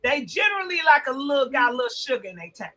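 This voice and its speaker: A woman co-hosting a casual podcast, talking in a high, sharp, ringing voice. She is profane and worked up, and her points often rise into loud outbursts. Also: big pitch swings, quick pace, rough recording. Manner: profane, emphatic and fired-up. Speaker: podcast co-host. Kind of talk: casual chat.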